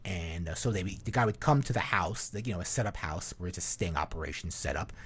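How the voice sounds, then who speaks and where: A man's voice: deep voice, lively intonation, a little fast, a bit bright, breathy edge. A man hosting a podcast in a casual, rambling way, full of fillers and swearing. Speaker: podcast host. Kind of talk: casual chat.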